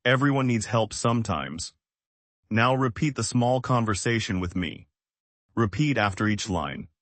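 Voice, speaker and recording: Male English teacher, lowish voice, dry close sound; slow, clear, simple sentences for learners to repeat. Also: expressive, fairly bright tone, no room sound. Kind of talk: slow scripted language lesson.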